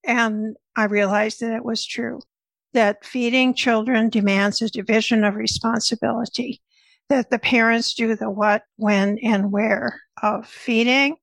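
Older woman telling stories, gravelly voice. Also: fairly high pitch, dry recording, poor audio. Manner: lively anecdotal storyteller. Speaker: nutritionist guest. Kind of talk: conversational storytelling.

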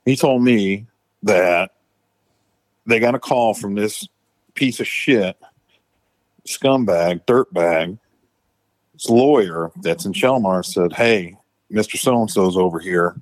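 A slow, lowish male voice with long pauses and no room sound. He's a former tow truck driver from the Florida Panhandle, telling a rambling, profane story packed with fillers and restarts in a casual way.

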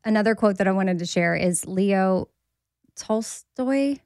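A woman co-hosting a podcast in casual, animated chat, laughing often. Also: medium pitch, measured pace, dry recording, studio quality. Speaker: podcast co-host.

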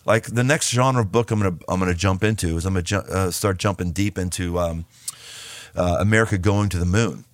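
A man's voice: low voice, fairly quick, dry recording. A man in his fifties, a podcast host talking as the guest, speaking emphatically and often repeating and restarting his words. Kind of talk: casual podcast conversation.

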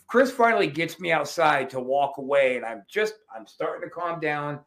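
A man telling profane, animated stories as a guest in a casual chat. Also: on the high side, normal speed, hardly any pauses. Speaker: wrestling promoter guest.

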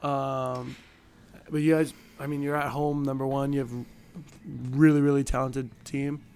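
A man's voice: mid-range voice, flat delivery, moderate pace, darkish tone, smooth. A man guesting on a podcast who talks in an easygoing, respectful way with casual slang.

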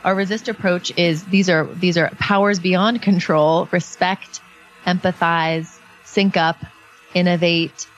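A woman's voice: on the low side, steady tone, measured pace, muffled recording, soft background music. Earnest woman explaining parenting ideas. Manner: earnest, explanatory, many fillers. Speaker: parenting guest. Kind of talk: casual podcast conversation.

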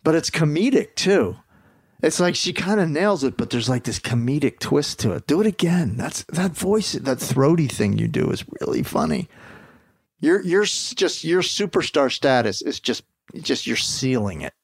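A man, a guest actor, chatting casually in an interview and telling stories with quick asides over a video call. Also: on the high side, slightly rough, no room sound, clean studio sound. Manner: animated storyteller, quick asides.

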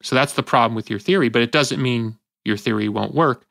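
A man hosting a casual podcast debate, animated and acting out little voices as he tells a story. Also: mid-range voice, a little fast, creaky, no room sound, studio quality. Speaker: podcast host.

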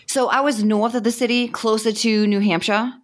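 A woman's voice: on the high side, steady tone, moderate pace. A woman in her forties from Boston, with a Boston accent, chatting wryly as a podcast guest. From Boston, Massachusetts. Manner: chatty, wry and joking. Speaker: guest, dating podcaster and author. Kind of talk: casual interview chat.

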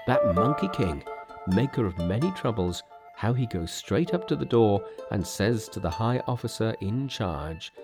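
A man reading a story aloud as narrator, in an expressive, measured way. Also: on the low side, loud music behind the voice. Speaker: audiobook reader.

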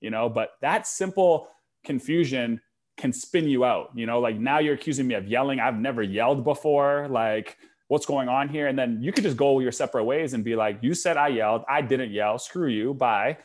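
A man's voice: mid-range voice, normal speed. A young man hosting a podcast in casual conversation, telling stories and acting out the quotes. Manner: animated storytelling, acts out quotes. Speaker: podcast host.

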